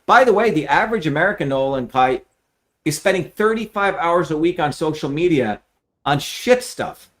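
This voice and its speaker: A man's voice: on the high side, lively intonation, moderate pace. A middle-aged man hosting a live fundraising stream, talking bluntly and emphatically, with frequent profanity, straight to his viewers. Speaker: host of a live fundraising telethon.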